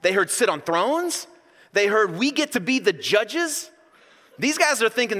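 Man, preaching, swooping expressive pitch, echoing hall. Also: moderate pace. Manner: animated, joking storyteller. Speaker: pastor. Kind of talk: sermon.

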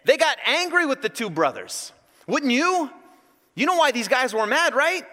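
A man preaching a sermon, an animated, joking storyteller. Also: extremely high pitch, normal speed, long reverb tail. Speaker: pastor.

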